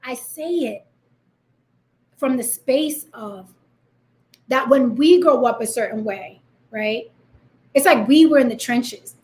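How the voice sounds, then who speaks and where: A woman's voice: on the high side, slow, long pauses, a little mellow. A woman in her thirties from the Bronx with a New York accent, talking bluntly and defiantly to her viewers in a vlog. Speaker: vlogger. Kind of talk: direct-to-camera rant.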